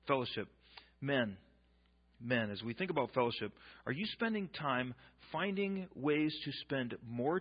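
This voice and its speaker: A man's voice: mid-range voice, slightly rough, dull audio. A pastor preaching a sermon, emphatic, repeating his key points and dropping joking asides.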